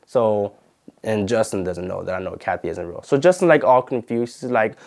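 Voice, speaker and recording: A man's voice: fairly low pitch, animated, normal speed, vocal fry, darkish tone. A man hosting his channel, telling a personal story in a chatty way with lots of fillers. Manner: chatty, retells arguments, many fillers. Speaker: YouTube channel host. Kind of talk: casual storytime vlog.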